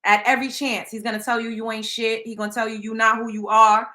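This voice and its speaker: A woman with a Southern US drawl runs a casual live stream, her voice pitched a little high and ringing bright. She is blunt and emphatic, keeps turning to her viewers to ask what they think, and leans hard on slang. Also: little pitch movement, quick pace. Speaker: host.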